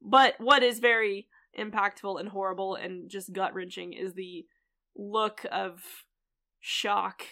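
Woman, podcast co-host, casual recap chat, frequent swearing, bright tone. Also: mid-range voice, steady tone, takes it slowly. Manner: swears freely and laughs often.

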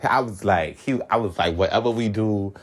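Lively laughing man from Florida. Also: moderate pace, slightly rough. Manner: animated and laughing, swoops high when excited. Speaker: guest telling his story. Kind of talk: casual storytelling chat.

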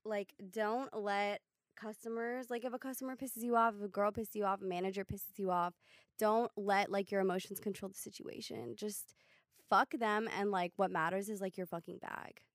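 A young woman co-hosts a podcast, giving advice in a casual chat; she's blunt and emphatic and swears heavily. Her mid-range voice keeps a fairly even intonation at a normal speed. The studio sound is clean, with no echo.

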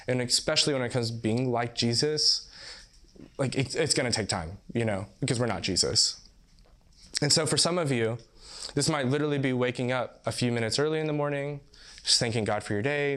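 A man's voice: medium pitch, fairly bright tone. A young man preaching a sermon in a casual, rambling way, full of "like" and "you know what I mean" asides, often breaking into laughter. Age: young adult. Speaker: pastor.

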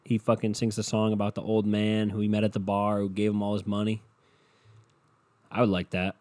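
Speaking briskly with a completely flat delivery, a young podcast host with a lowish, slightly mellow voice rambles solo and swears sardonically. He's at home in bed with his dog, recording on a home podcast mic.

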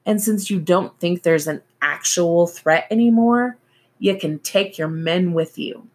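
A woman reading the part of a grieving, slightly drunk woman in an audiobook, slurred and drawling, with a husky voice. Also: lowish voice, a little slow. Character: grieving tipsy woman, defensive and bitter.

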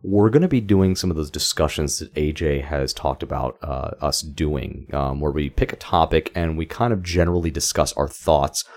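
A man's voice: very deep voice, moderate pace, few pauses, a little mellow. A man co-hosting a film podcast in casual, jokey chat, laughing often. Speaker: podcast co-host.

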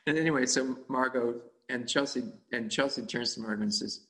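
A man telling a casual story about volunteer cooking, halting and full of fillers and self-corrections. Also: medium pitch, fairly bright tone, low-quality recording. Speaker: volunteer cook.

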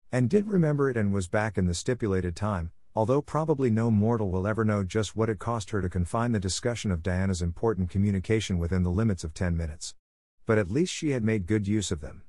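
A man narrating a novel as an audiobook reader, in a measured storytelling manner. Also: on the low side, darkish tone, no echo, studio quality. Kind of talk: scripted narration.

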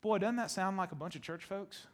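A male pastor preaching a sermon to his congregation, animated, repeating phrases for emphasis and laughing often. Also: sits high, fairly quick. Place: church sanctuary with congregation.

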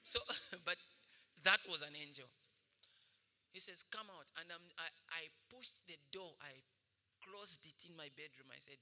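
A man, a senior pastor, preaching a sermon with animated storytelling and frequent laughter. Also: a little high, a little slow, pauses often. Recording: echoey hall reverb.

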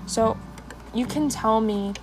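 A woman's voice: fairly high pitch, takes it slowly, background noise. A young woman hosting a personal podcast, talking with passion and rambling with many fillers while doing her makeup. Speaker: podcast host.

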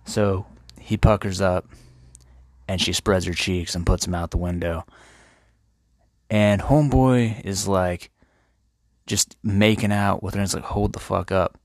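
A man's voice: deep voice, fairly even intonation, unhurried, pauses often, no room sound, clean studio sound. A man hosting an irreverent, profanity-heavy comedic retelling of a classic tale. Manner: profane, irreverent, laid-back. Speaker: host.

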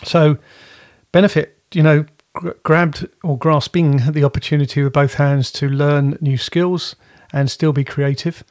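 A man's voice: a little high, steady tone, a little slow, darkish tone, no echo, clean studio sound. A man co-hosting a podcast from home, chatting in a rambling way and often correcting himself. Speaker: podcast co-host. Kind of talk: casual chat.

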